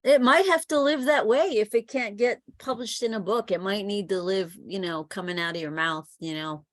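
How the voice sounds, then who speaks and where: A woman's voice: medium pitch, normal speed, dry recording, studio quality. A woman poet chatting with enthusiasm, with many fillers and restarts. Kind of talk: casual chat.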